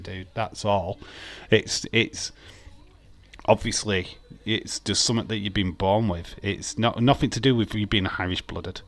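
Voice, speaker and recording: A man's voice: fairly low pitch, a bit bright, dry recording. Rambling jokey man streaming. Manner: rambling, jokey, reads chat aloud. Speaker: watch-along streamer. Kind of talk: casual live-stream chat.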